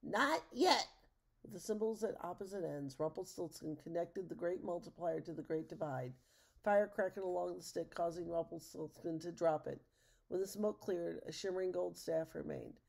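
Gravelly woman reading a storybook. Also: fairly low pitch, moderate pace, dark tone. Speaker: narrator. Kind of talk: storybook read-aloud.

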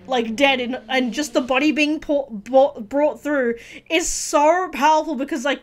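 A woman hosting a casual video reaction review, talking earnestly and gushingly with many restarts and fillers. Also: high voice. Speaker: reaction channel host.

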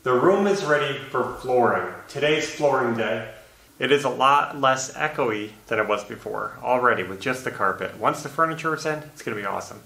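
A man in a casual home-project vlog, explaining his carpet work in a relaxed, matter-of-fact way with a morning voice. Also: mid-range voice, vocal fry. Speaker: DIY vlogger installing carpet. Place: empty room in a house, indoors. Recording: echoey empty room.

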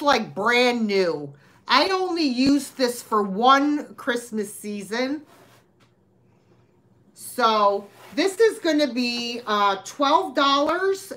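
A woman's voice: a little high, very animated, takes it slowly, fairly bright tone. A woman hosting a live sale, talking in a chatty, rambling way with lots of fillers. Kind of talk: live-stream sales chat.

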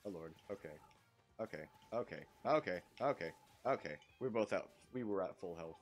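Excitable man doing game commentary. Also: low voice, moderate pace, soft background music. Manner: excitable, swears and laughs often. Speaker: gaming channel host. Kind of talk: let's play commentary.

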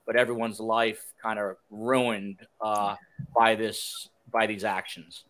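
A man's voice: fairly low pitch, level tone, slow, a bit bright. A man from New Jersey hosting a podcast, reading listener questions in a chatty, self-deprecating way. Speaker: podcast host.

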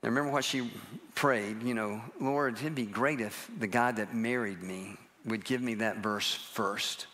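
A man's voice: lowish voice, fairly even intonation, unhurried, pushed and bright. Older man telling stories from the pulpit. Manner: self-deprecating, chatty storyteller. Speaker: guest preacher. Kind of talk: humorous sermon storytelling. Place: church sanctuary, live service.

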